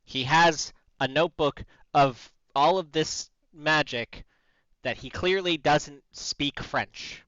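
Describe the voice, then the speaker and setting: A man's voice: a little high, takes it slowly, fairly bright tone, clear, resonant tone, no echo. A man playing in a tabletop game, talking bluntly with a wry edge. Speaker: player. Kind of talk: casual tabletop play. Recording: muffled lo-fi mic.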